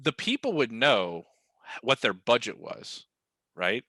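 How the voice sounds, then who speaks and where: A man co-hosting a casual chat, telling stories with lively emphasis and repeated words. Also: medium pitch, takes it slowly, breathy edge, no room sound. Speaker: podcast co-host.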